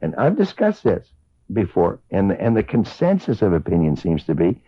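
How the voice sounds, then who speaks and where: A man's voice: sits low, huge pitch swings, normal speed, slightly rough, dull audio. A man hosting a radio talk show, speaking in a reflective, conversational way. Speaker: radio host. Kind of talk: casual radio chat.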